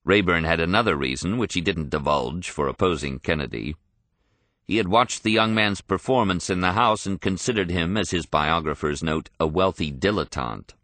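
A man reading a history audiobook in a measured, even storytelling manner. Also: sits low, no room sound. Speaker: narrator. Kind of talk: scripted audiobook narration.

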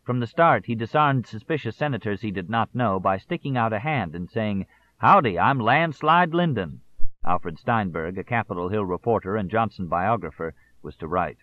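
Low-voiced man narrating a history book. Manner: measured, deliberate delivery. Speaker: audiobook narrator. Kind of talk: scripted narration. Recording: tinny phone-like audio.

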